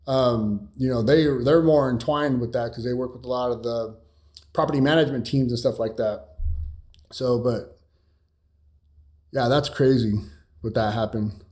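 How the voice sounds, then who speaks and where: His voice is medium in pitch and darkish, with fairly even intonation, a moderate pace and long pauses. A young man from California, he streams about cybersecurity and answers viewer questions in a casual live Q&A, rambling with fillers and restarts, blunt and swearing at times.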